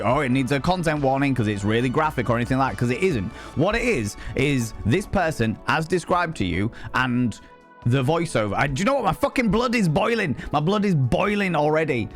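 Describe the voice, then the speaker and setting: A middle-aged man rants to his live-stream chat, swearing freely and restarting his sentences as he gets worked up. His voice sits at an ordinary middle pitch. Soft music plays quietly underneath. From United Kingdom. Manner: heated, sweary, rambling with restarts. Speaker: livestreamer.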